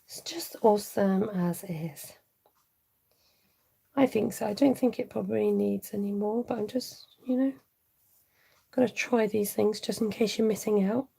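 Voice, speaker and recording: A woman's voice: medium pitch, unhurried, gravelly, long pauses, warm tone, breathy edge, rough recording. A middle-aged woman chatting through a live craft tutorial, laughing often and answering viewers as she works. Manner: chatty, laughing, reads viewer comments aloud. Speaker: stamping craft demonstrator.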